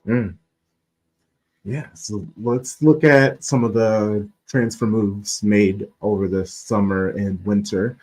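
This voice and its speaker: A man's voice: lowish voice, fairly even intonation, takes it slowly, a little mellow. A man hosting a casual live-stream sports chat, playful and joking, laughing often. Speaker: podcast host.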